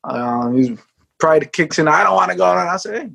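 Husky man telling a dramatic story. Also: a little high, animated, normal speed. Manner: dramatic, acts out quotes, shouts at peaks. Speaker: retired sprinter telling his story. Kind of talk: animated storytelling interview.

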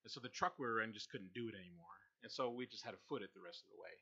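A man's voice: lowish voice, racing, sharp tone, breathy edge. A young man telling a rambling, self-mocking story in a casual chat. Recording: slightly dull lo-fi sound.

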